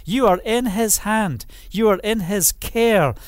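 A man preaching a sermon in an earnest way, building up to loud declarations. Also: high voice, slow, clear, resonant tone, no echo, clean studio sound.

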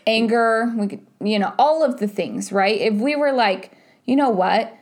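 A woman's voice: fairly high pitch, lively intonation, normal speed. A woman co-hosting a casual couples podcast, talking animatedly and filling her sentences with "like" and "right?". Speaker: podcast co-host.

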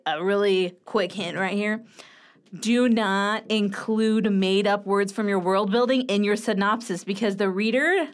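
A woman in her thirties hosting a casual writing show, chatty and playful, with quick asides, recorded at home. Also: medium pitch. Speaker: writing coach and podcast host. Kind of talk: casual chat with book critique. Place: home room with a clicking heater.

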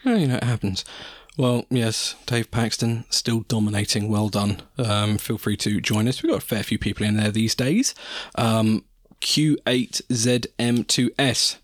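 A man's voice: lowish voice, steady tone, a little slow, no echo, studio quality. A man co-hosting a casual sports podcast, running through admin with easy fillers. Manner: chatty, reads out admin with fillers. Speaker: podcast co-host.

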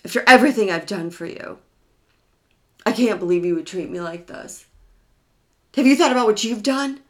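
A woman's voice: mid-range voice, moderate pace, close to an everyday voice. A woman putting on a scornful guilt-tripping abuser. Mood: reproachful. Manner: reproachful, scolding.

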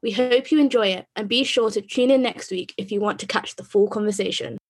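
A woman's voice: medium pitch, brisk, heavy background noise. A British woman presenting a podcast, reading a scripted segment intro in an upbeat way. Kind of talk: scripted announcement.

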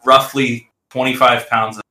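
A man's voice: mid-range voice, flat delivery, moderate pace, bright, forceful tone. A man narrating as game master of a tabletop game, describing scenes with frequent fillers and restarts. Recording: roomy echo.

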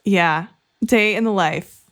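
A woman's voice: medium pitch, takes it slowly. A young woman hosting a sports podcast, talking in an upbeat, enthusiastic way. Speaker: podcast host. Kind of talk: casual podcast chat.

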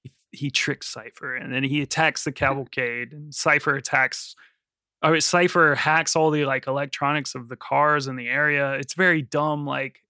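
A man's voice: medium pitch, fairly even intonation, moderate pace, bright, forceful tone, no room sound, clean studio sound. A man co-hosting a podcast, recapping and joking about a film in a laid-back way. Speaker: podcast co-host. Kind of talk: casual movie review chat.

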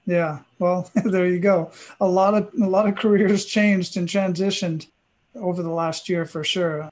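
A man's voice: sits high, fairly even intonation, a little slow, a little mellow. A man hosting an interview podcast, asking rambling, enthusiastic questions over a remote call. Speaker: podcast host.

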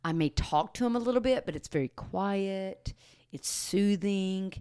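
A woman's voice: medium pitch, clean tone. Earnest woman explaining on a podcast. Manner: earnest, explanatory, slows and softens to demonstrate calm talk. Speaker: podcast co-host and dog trainer. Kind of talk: casual podcast chat.

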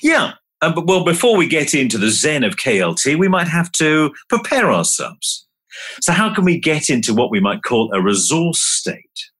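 Husky man coaching in lively tones. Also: a little high. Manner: slow, emphatic, coaching delivery. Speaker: podcast guest, communication trainer. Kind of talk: podcast interview with guided hypnosis.

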